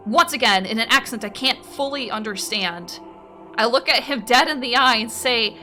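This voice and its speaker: A woman streamer reading out viewer confessions and reacting in an animated way, often breaking into laughter and swearing freely. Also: on the high side, moderate pace, soft background music. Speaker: streamer host.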